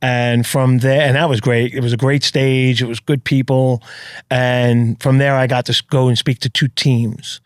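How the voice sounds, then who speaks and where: A man's voice: medium pitch, flat delivery, moderate pace, no echo, studio quality. A man with a New York accent, a podcast guest telling his story in earnest, blunt, emphatic chat. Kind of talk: casual storytelling.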